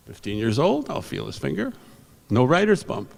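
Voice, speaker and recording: A man's voice: fairly high pitch, sing-song, moderate pace, gravelly. An older man from New York giving a rambling, anecdotal awards speech on a convention stage, with asides to the audience. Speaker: award presenter. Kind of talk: storytelling speech at an awards ceremony. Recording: reverberant convention hall.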